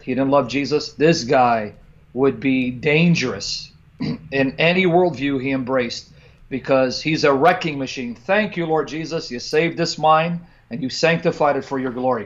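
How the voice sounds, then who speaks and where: A man's voice: on the high side, dull audio. A man co-hosting a casual livestream chat over a remote call, speaking in an emphatic, teasing way with preacherly asides. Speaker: co-host.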